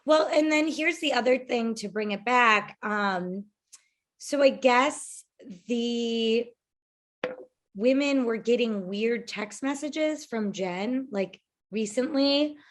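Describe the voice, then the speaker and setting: A woman's voice: fairly high pitch, slow pace. A woman co-hosting a podcast, recapping reality TV in a chatty way full of fillers. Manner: chatty recapper, many fillers like "you know" and "like". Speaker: podcast co-host. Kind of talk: casual reality TV gossip chat.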